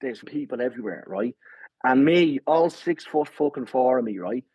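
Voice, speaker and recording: A man's voice: medium pitch, lively intonation, normal speed, darkish tone, breathy edge, no room sound, low-quality recording. A man telling a story with lots of swearing and repeated "right?". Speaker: guest runner. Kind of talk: animated storytelling.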